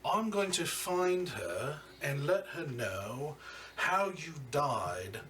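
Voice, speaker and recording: A man voicing a short, scarred male crime boss who talks slowly and threatens coldly. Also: a little high, big pitch swings, fairly bright tone, far from the mic, slight background noise, voice pushed up, full character voice. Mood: menacing. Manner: slow, cold and threatening.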